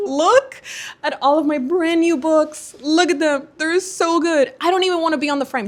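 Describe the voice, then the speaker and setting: Gushing, excitable woman vlogger. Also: high voice, moderate pace. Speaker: booktuber host. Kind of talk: casual vlog chat.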